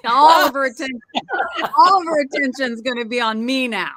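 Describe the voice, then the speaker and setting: A middle-aged woman hosting a casual panel chat, emotional and expressive, often laughing. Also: high-pitched, moderate pace, slight background noise. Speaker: host.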